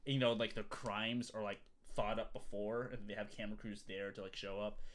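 A man's voice: fairly low pitch, level tone, fairly quick. A man co-hosting a podcast in casual chat, rambling with many fillers and restarts. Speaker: podcast co-host.

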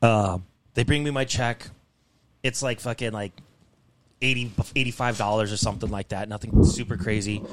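A man's voice: lowish voice, steady tone, moderate pace, slight background noise. A young man hosting a podcast, ranting in a casual, exasperated way and swearing constantly. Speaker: podcast host.

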